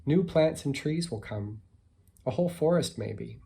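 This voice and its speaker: A man voicing a gentle male mole in a picture book reading, speaking calmly about imagining the future. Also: mid-range voice, measured pace, gravelly, husky, voice pushed up, heavily acted. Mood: dreamy.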